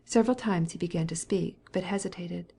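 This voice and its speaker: A woman narrating an audiobook of a classic novel in a calm, measured reading. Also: fairly low pitch, gravelly, slightly rough.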